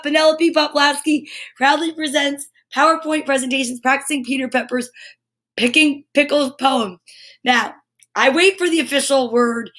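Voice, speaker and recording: A woman's voice: high-pitched, a bit bright. A woman hosting a morning livestream, upbeat and chatty, greeting viewers by name and exclaiming often. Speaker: livestream host.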